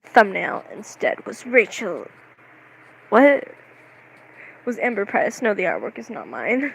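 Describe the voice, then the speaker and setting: A young vlogger chatting casually to the camera, rambling and excitable, with lots of "like"s and giggles. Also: medium pitch, takes it slowly, creaky, slight background noise, rough recording. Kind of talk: casual vlog chat.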